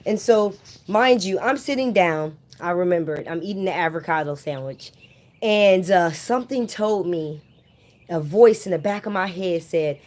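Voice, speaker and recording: A woman's voice: on the low side, normal speed, darkish tone. A woman vlogger casually telling a personal story straight to her viewers, chatty and often calling them "you guys".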